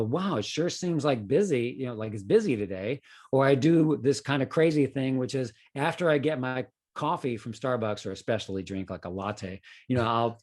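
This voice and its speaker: A middle-aged man, a podcast guest, telling a personal story in a conversational way, with many "you know" fillers. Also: medium pitch. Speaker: guest, author.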